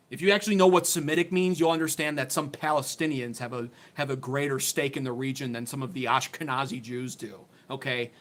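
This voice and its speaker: On his heated political livestream, a man vents sarcastically and profanely into a phone clipped to a desk mount, blunt and fired up. The voice is medium in pitch with a fairly bright tone.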